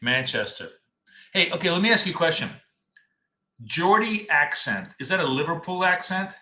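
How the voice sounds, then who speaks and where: A man's voice: on the high side, lively intonation, normal speed, bright, forceful tone. A man hosting a live trading stream, chatting casually and rambling as he talks straight to his viewers. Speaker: trading coach and stream host. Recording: echoey room.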